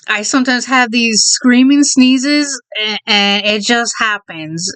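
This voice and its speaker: Woman vlogger, kinda out of breath, rambly with a little stutter, smooth clear voice, dry sound. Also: on the high side, unhurried, a bit bright, no echo. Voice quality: mild stutter. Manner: rambling, self-correcting, laughs often. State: out of breath, holding in a sneeze. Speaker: video creator. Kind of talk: casual vlog chat.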